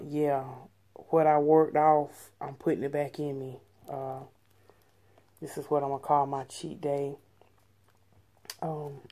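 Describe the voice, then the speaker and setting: Low, mellow-voiced woman chatting casually. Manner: relaxed and chatty, calls viewers y'all. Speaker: food vlogger. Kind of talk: casual mukbang chat. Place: living room at home.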